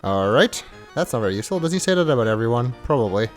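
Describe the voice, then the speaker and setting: A man giving wry let's play commentary, chatting and musing over a game. His pitch jumps around in a lively way, with faint game music in the background. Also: fast talker. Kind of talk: casual gameplay commentary.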